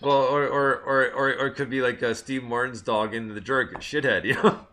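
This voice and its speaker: A man's voice: mid-range voice, fairly even intonation, moderate pace, sharp tone. A man hosting a music radio show, telling rambling stories with many restarts and laughs. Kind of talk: casual chat.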